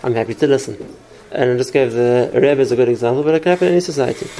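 A man's voice: mid-range voice, racing, dark tone, slight background noise, low-quality recording. A man teaching a class on parenting, explaining through stories and examples and answering questions.

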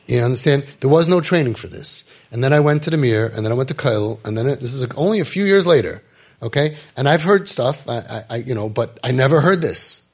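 A middle-aged man telling a story and giving advice, emphatic, repeating phrases and dropping to quiet intensity. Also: mid-range voice, animated, brisk, husky. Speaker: rabbi giving parenting advice. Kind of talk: impassioned storytelling talk.

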